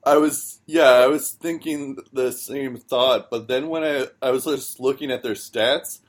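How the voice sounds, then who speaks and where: A man's voice: mid-range voice, fairly even intonation, measured pace. A man co-hosting a hockey podcast, chatting loosely with lots of ums and likes. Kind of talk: casual chat.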